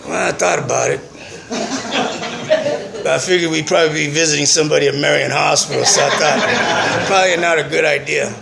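A man's voice: a little high, steady tone, fairly quick, vocal fry, heavy background noise. A middle-aged man sharing his recovery story at a meeting in a profane, streetwise, earnest way. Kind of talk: personal testimony, casual storytelling. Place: meeting room.

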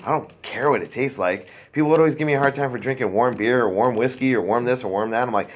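A man's voice: mid-range voice, fast. A man telling his own recovery story in a casual, rambling way, self-deprecating and full of fillers and restarts. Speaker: speaker sharing a recovery story. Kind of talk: casual personal testimony.

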